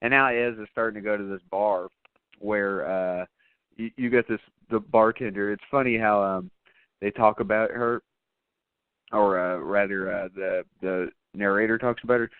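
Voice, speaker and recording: A man's voice: on the low side, steady tone, moderate pace, clear, resonant tone, no room sound, narrow, tinny audio. A man hosting a podcast, recapping a movie in loose, rambling casual chat full of fillers and swearing. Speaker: podcast host.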